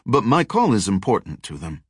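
A man's voice: lowish voice, sing-song, moderate pace, husky, no room sound, clean studio sound. A man voicing a sly male con man who talks in a breezy, falsely reassuring way.

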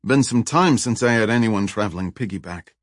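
A man reading a brave, joking male hero who talks brisk and easygoing. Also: lowish voice, no room sound, studio quality, lightly acted.

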